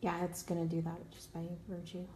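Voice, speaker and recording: A woman's voice: lowish voice, monotone, fairly quick, mellow, a little hiss or hum. A woman with a Texan accent hosting a casual livestream coloring tutorial, chatty and laughing often, tired after a long day. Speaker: craft tutorial host.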